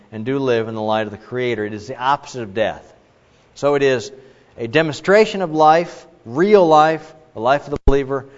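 Emphatic man preaching in a hall. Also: mid-range voice. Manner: emphatic, with many restarts and asides. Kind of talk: sermon. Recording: muffled, with long reverb in a large hall.

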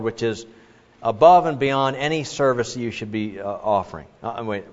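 A man's voice: mid-range voice, moderate pace. Emphatic man preaching in a hall. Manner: emphatic, with many restarts and asides. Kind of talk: sermon. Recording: muffled, with long reverb in a large hall.

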